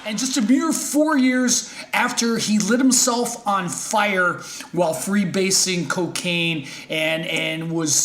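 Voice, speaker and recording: A man's voice: high-pitched, slow pace, hardly any pauses, a bit bright, a little hiss or hum. Hesitant male podcast host, echoey room. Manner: loose, hesitant, joking. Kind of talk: casual chat.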